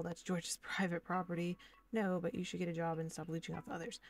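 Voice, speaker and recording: Chatty woman streamer with a lowish voice. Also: little pitch movement, brisk, soft background music. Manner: chatty, rambling, lots of "like". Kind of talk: casual gaming commentary.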